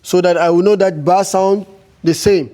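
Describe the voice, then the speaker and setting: A man teaching a beginners' class, talking slowly and firing repeated questions at his students. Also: high voice, steady tone, dark tone. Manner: slow, repetitive, questioning students. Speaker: Arabic teacher.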